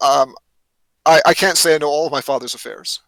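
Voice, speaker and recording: A man's voice: a little high, brisk, gravelly, fairly bright tone, no echo. A man voicing a cultured young nobleman, heir to an earldom, speaking formally and warily in a tabletop game. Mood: wary.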